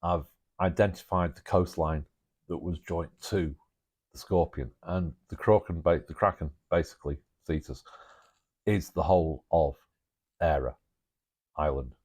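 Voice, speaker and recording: Man, deep low voice, rambling monologue, thinking aloud, chuckling asides. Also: measured pace, long pauses, a little mellow, breathy edge. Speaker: alternative history presenter.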